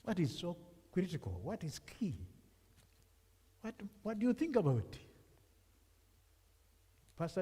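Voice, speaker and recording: A man's voice: sits high, warm tone, slightly rough. Man preaching in a reverberant church. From Africa. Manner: conversational, asks the congregation questions. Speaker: guest preacher. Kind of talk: sermon with congregation questions. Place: church sanctuary.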